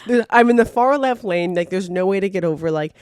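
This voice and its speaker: Young woman podcast co-host; chatty, animated, laughing storyteller; mid-pitched, dry recording. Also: fairly quick, smooth, dry recording. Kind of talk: casual chat.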